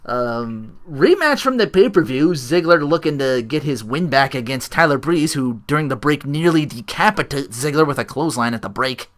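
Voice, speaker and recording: A man's voice: medium pitch, lively intonation, normal speed, few pauses, fairly bright tone. A man co-hosting a casual podcast, recapping a wrestling show and laughing often. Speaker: podcast co-host.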